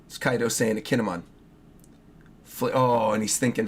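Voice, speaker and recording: A man streaming a live reaction to a new manga chapter, his voice hoarse and worn, chatting excitedly to his viewers as he reads along and thinks aloud. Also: fairly low pitch, normal speed, pauses often. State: hoarse from yelling the night before.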